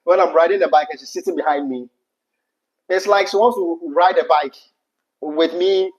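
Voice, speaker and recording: A man's voice: on the high side, normal speed, rough recording. A Ghanaian man with a Ghanaian English accent, co-hosting a casual livestream chat, laughing often and slipping into Pidgin. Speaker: livestream co-host.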